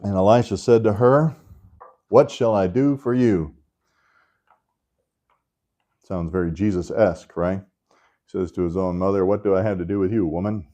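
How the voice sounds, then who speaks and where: A man's voice: deep voice, fairly quick, dark tone. A man teaching a Sunday school class in a casual, conversational way, tossing in joking asides and often checking in with "right?".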